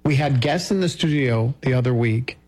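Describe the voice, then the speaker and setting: Husky man telling a quick story. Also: mid-range voice, a little mellow, soft background music. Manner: storytelling, joking. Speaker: radio co-host. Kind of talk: casual radio chat.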